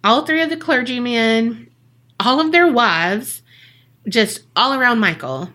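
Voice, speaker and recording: Woman podcast host, bright voice, animated, cusses while she tells the story. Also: a little high, a little slow. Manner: animated, swearing, acts out quoted people in slang. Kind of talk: casual storytelling chat.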